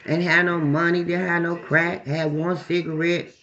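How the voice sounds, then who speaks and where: A woman's voice: lowish voice, level tone, normal speed, a bit bright. A middle-aged woman telling a personal story to listeners, blunt and profane, talking straight to the crowd. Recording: dull lo-fi recording.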